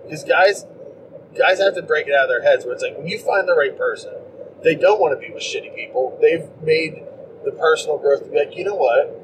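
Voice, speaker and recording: Podcast dude rambling about movies, kinda higher voice, sits back from the mic, noisy room. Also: male voice, fairly quick. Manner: rambling, animated, acts out quotes in mocking voices. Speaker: podcast co-host. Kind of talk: casual movie-review chat. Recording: distant mic with clear background noise.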